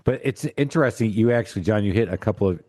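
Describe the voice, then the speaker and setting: Low, mellow-voiced joking podcast host. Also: male voice, quick pace, no room sound. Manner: joking, playful. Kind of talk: podcast interview.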